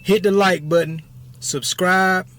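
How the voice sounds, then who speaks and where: A man in his fifties with a fairly high voice, talking casually to camera. He rambles through a personal story, circling back on his words and checking in with the listener often. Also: fairly even intonation, slow, noisy background. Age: 50s. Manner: rambling, keeps saying "you know what I'm saying". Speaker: YouTube storyteller.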